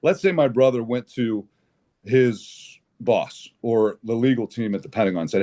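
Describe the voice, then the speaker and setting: A man guesting on a podcast, telling an animated, indignant story with blunt language and frequent restarts. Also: medium pitch, normal speed. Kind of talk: conversational podcast interview.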